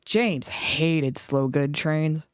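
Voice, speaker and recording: A woman reading a children's book aloud in an expressive storytelling voice. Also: low-pitched, extremely slow, smooth, no echo, clean studio sound. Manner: expressive, animated read-aloud.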